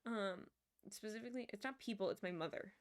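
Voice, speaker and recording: Young woman streamer rambling along, laughs at herself a lot, middle pitch. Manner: rambling, self-amused storytelling with frequent laughs. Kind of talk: casual stream chat.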